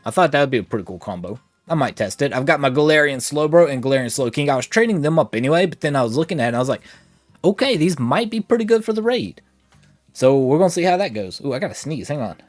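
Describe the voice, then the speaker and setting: Male streamer, conversational and playful, slightly short of breath; dry sound, soft game music behind. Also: medium pitch, animated, racing, few pauses, no room sound. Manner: chatty, reads chat aloud, playful asides. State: a little short of breath from allergies. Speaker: gaming streamer. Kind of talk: casual livestream chat.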